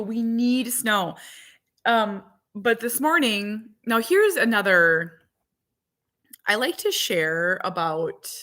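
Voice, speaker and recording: Casual mom vlogger, thirties, rambling and talkative into a phone at home. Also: female voice, mid-range voice, animated, slow pace, a bit bright. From Minnesota. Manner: chatty, rambling, talks to viewers and dog. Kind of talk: casual livestream chat. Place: home in winter.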